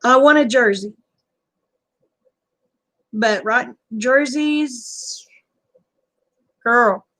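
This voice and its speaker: Speaking very slowly with long pauses, a middle-aged Southern US woman with a somewhat high, slightly bright voice hosts a livestream. Her manner is casual and folksy as she talks with viewers and replies to their comments.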